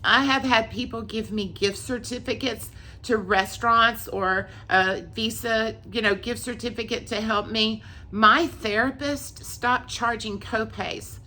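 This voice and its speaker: A woman's voice: fairly high pitch, steady tone, a little slow, bright, forceful tone. A woman telling an emotional personal testimony, earnest and tearful, repeating herself as she goes. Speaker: vlogger sharing a faith testimony.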